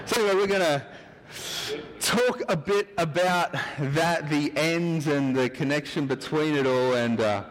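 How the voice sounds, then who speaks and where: A man giving a relaxed, rambling sermon, chatty and joking with his listeners. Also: fairly high pitch, unhurried, crowd noise. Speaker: preacher. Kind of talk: casual sermon with jokes. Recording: hall reverb with a mic hum.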